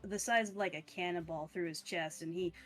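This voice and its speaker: A woman's voice: lowish voice, steady tone, a little fast, fairly bright tone, soft background music. A woman running a tabletop game as game master, narrating in a loose, casual way with swearing. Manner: casual, swearing, laughs a lot.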